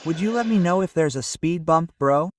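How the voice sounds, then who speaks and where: A man doing a stand-up routine, telling a story and bantering with the crowd in a loud, animated way. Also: on the high side, moderate pace, far from the mic, slight background noise. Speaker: stand-up comedian. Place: comedy stage before a live audience.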